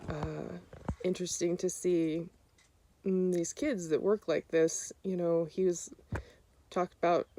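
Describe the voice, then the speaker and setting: A woman telling a story of her own hunting trip in a casual, halting way, with many fillers and restarts. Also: on the low side, mellow, slight background noise. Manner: re-enacts other people's lines in a raised voice.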